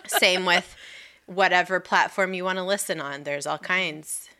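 A woman's voice: on the low side, unhurried, sharp tone, clean tone. A pregnant woman co-hosting a podcast, chatting casually and rambling with lots of fillers. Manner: chatty, rambling, laughs easily. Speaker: podcast co-host. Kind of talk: casual chat.

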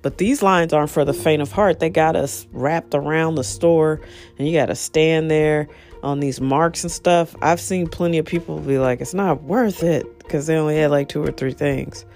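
A woman's voice: low voice, steady tone, normal speed, darkish tone, faint music behind. A woman hosting her own podcast, talking casually and frankly into her phone with a rambling, chatty manner. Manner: frank, rambling, chatty with self-deprecating laughs. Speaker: podcast host. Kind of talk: casual solo podcast monologue.

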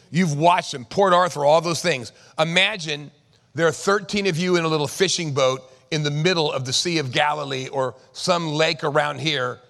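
Man preaching, bright gravelly voice, dramatic swings from loud to hushed, reverberant church hall. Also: fairly high pitch. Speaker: pastor. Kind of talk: sermon.

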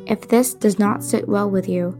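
A woman host reading a fan-fiction story aloud in calm, measured scripted narration. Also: mid-range voice, music in the background.

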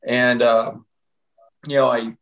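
A man's voice: medium pitch, level tone, takes it slowly, vocal fry, rough recording. A man in his thirties, a podcast guest telling his personal story in a loose, rambling way full of fillers. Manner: rambling storytelling with many fillers like "you know" and "like". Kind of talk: personal testimony in casual conversation.

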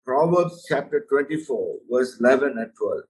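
Earnest slow-talking male preacher. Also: a little high, recorded from a distance, rough recording. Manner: earnest, emphatic, addresses listener as "my friend". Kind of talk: sermon.

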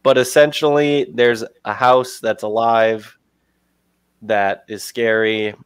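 A young man co-hosting a casual podcast, chatting and retelling film scenes with quick impressions. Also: fairly low pitch, flat delivery, smooth, dry recording. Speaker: podcast co-host. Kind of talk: casual chat.

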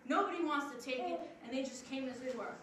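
A woman from Long Island, New York giving an earnest, emphatic spoken testimony to a congregation, with drawn-out pauses. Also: high-pitched. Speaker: program assistant director giving testimony. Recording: very echoey hall, distant, noisy.

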